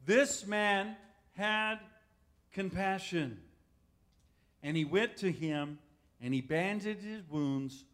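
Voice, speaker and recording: A man preaches with a notably high voice. His delivery is folksy and conversational, and he keeps turning to the congregation with questions. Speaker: pastor. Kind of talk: sermon.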